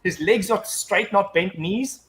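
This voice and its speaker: A man's voice: high-pitched, unhurried, crowd noise. A man in casual chat, telling a long anecdote full of swearing and restarts. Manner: rambling storyteller, heavy swearing, frequent restarts. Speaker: guest.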